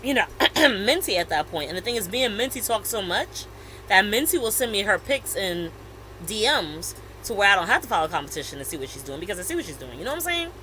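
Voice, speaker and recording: A woman in her thirties co-hosting a podcast, chatting casually and telling a story with animated retellings of messages. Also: medium pitch, fast, low-quality recording. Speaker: podcast co-host. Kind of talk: casual chat.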